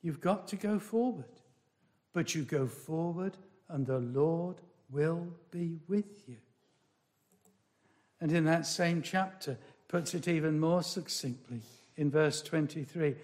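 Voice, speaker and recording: A man preaching a sermon in a slow, emphatic way, repeating key phrases and swinging from loud declarations to hushed asides. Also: on the high side.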